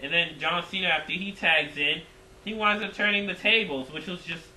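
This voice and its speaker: A man reviewing a wrestling show in casual recap style, excitable and rambling, repeating himself. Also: high-pitched, moderate pace, reverberant, a little hiss or hum, low-quality recording.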